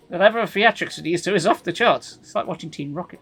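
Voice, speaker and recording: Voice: medium pitch, rapid-fire, hardly any pauses, a bit bright, husky. Streamer; wry live reader of a game, sarcastic asides, faint music under. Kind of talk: live reading of a dating game.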